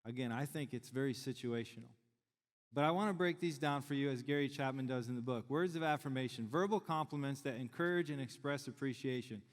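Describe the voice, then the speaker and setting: Deep-voiced pastor in a big hall. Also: male voice, a little fast. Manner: conversational, joking with the congregation. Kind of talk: sermon. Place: large church sanctuary. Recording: long church hall reverb.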